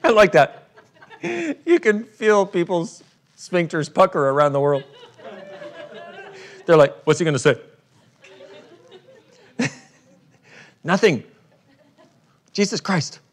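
High-voiced, joking man leading a workshop. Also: expressive, takes it slowly, long pauses. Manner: irreverent and joking, often laughing, swears. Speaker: workshop facilitator. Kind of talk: live workshop talk to an audience.

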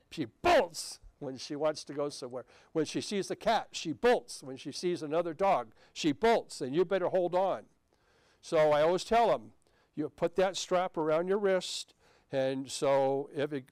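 Man telling a sermon story, smooth voice. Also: a little high, darkish tone, no room sound. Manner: anecdotal, conversational with frequent restarts. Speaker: pastor. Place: church sanctuary.

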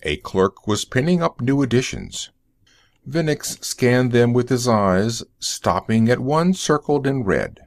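A man reading a story aloud for English learners, in a measured storytelling manner. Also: mid-range voice, animated, no room sound, clean studio sound. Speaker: narrator.

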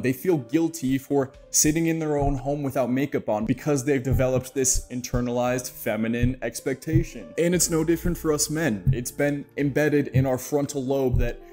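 A man's voice: on the high side, mellow. A man narrating his own video essay in a playful, jokey way, with mock-dramatic asides.

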